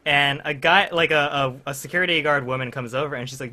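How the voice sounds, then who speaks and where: The young man, a podcast co-host, talks fast with few pauses in a steady, medium-pitched voice with a sharp tone. Chatting casually with friends, he rambles through a story packed with fillers and laughs.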